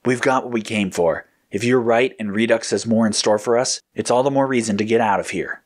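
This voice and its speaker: A man voicing a thoughtful, measured male space agent in a low voice. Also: close to an everyday voice.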